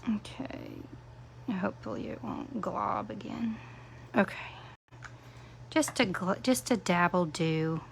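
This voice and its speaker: A woman's voice: lowish voice, animated, takes it slowly, creaky, long pauses, a little hiss or hum. A woman demonstrating a craft project on a live stream, chatting casually and answering viewers' comments by name. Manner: self-deprecating, playful asides.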